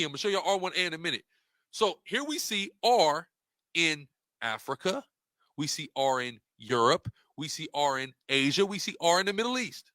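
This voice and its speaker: In studio-quality audio with no echo, a man presenting slides as a religious debater speaks in a voice that sits high and sounds sharp. He delivers a passionate rhetorical monologue, asking the same questions again for emphasis.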